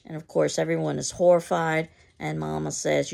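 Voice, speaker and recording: A woman teaching a literature lesson, her voice sitting low and carrying a strong vocal fry throughout. She explains in a measured, thoughtful way, pausing now and then with an um or a restarted phrase. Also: little pitch movement, darkish tone. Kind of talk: recorded literature lecture.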